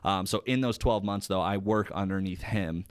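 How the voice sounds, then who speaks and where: A young man in his twenties, a guest on an interview show, talking casually about training as an auctioneer, with lots of fillers and quick chanting bursts. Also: low voice, no echo, studio quality. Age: 20s.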